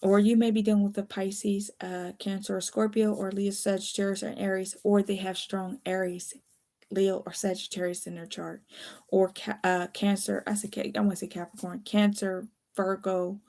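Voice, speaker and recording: A woman's voice: mid-range voice, flat delivery, moderate pace, warm tone. A tired woman giving a casual, late-night tarot reading, chatty and candid, swearing now and then. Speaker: tarot reader.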